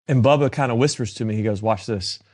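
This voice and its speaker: A man's voice: medium pitch, rapid-fire, no echo. Man acting out an anecdote, dry close sound. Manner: animated anecdote-telling, acting out dialogue. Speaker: podcast co-host. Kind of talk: casual storytelling chat.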